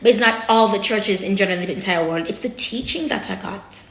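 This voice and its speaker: A woman vlogger with vocal fry and a medium pitch talks quickly and openly to her viewers. Blunt, emotional, and generous with curse words, she often repeats herself while looking for what to say. The recording has noticeable room echo.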